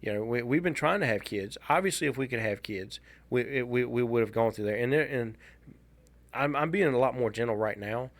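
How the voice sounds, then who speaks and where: A man, co-hosting a podcast and telling a personal story in a casual, halting, wry way. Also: mid-range voice, no echo. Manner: halting, restarts a lot, candid and wry. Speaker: podcast co-host.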